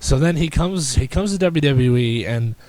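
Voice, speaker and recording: A man hosting a podcast in casual chat, rambling and excitable with frequent restarts. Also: mid-range voice, normal speed, rough recording. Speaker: podcast host.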